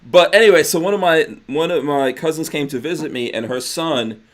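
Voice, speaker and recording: A man's voice: on the high side, a little fast. A man hosting a podcast in casual chat, joking and teasing his guest and laughing often. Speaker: podcast host.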